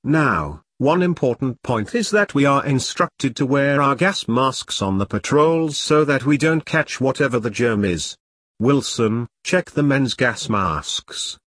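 A man's voice: mid-range voice, lively intonation, fairly bright tone, no echo. A man reading the part of a pompous, bossy middle-aged army captain, in a dry voice. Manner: bossy, brisk, dismissive. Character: pompous self-important middle-aged male platoon captain.

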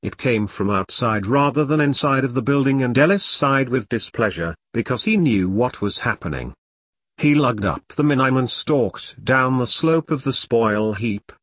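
A male narrator reads a story, saying the punctuation marks aloud as he goes. His voice sits at a middling pitch, and the recording is dry and close, with no room sound. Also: lively intonation, moderate pace, a bit bright, dry recording. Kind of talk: audiobook narration.

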